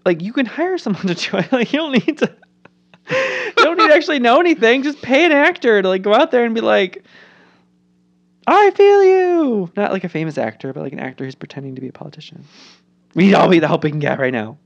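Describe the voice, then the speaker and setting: Woman, podcast co-host, casual political chat, very lively pitch, swears, mimics people. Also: fast, gravelly, highs cut off. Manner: animated, swears, acts out quotes in funny voices.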